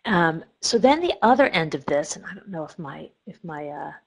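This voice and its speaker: A woman's voice: deep voice, lively intonation, normal speed, vocal fry, breathy edge, rough recording. A middle-aged woman therapist giving a recorded lecture on treatment techniques, explaining step by step with frequent ums and self-corrections. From Cleveland, Ohio.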